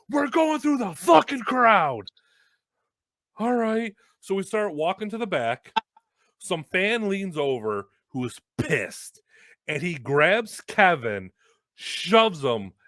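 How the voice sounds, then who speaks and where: A young man hosting a casual chat, telling a story with lots of swearing and loud acted-out quotes. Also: a little high, no room sound. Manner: animated, swearing, acts out quotes loudly. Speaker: host.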